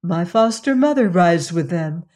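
A woman voicing a young princess, earnest and tender, speaking gently in old-fashioned words. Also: fairly low pitch, lively intonation, a little slow. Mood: warm. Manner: gentle, questioning, archaic speech.

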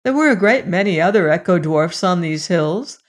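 A woman narrating a storybook with a steady, even read-aloud delivery. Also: lowish voice, normal speed.

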